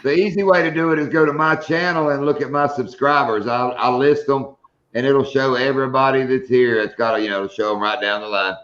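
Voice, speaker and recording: A man's voice: medium pitch, fairly even intonation, a little fast, a bit bright, roomy sound, highs cut off. A man hosting a casual live-stream chat, telling stories with a joking manner. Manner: joking storyteller. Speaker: host.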